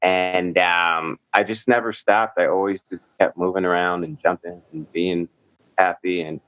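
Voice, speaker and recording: An American man with a very low voice talks with upbeat enthusiasm as a podcast guest. The sound is dull and dry, as if it came over a remote connection. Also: fairly even intonation, unhurried, fairly bright tone, smooth, no room sound. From United States. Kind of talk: casual interview answers.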